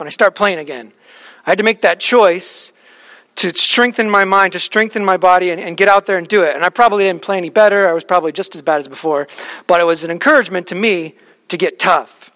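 A man with a notably high voice delivers a sermon in a relaxed, conversational way. He tells stories from his own life and often restarts his sentences. He sounds like a pastor in his thirties. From Alaska.

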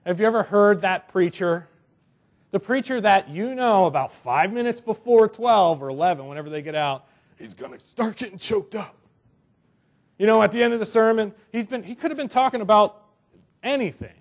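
A young man preaching a conversational sermon, animated, with joking asides to the congregation. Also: high-pitched, brisk. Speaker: pastor.

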